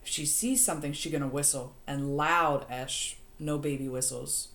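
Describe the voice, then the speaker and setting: A woman's voice: deep voice, fairly even intonation, moderate pace, fairly bright tone. A woman reading an audiobook, voicing a bossy teenage boy who gives urgent orders. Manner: commanding, urgent.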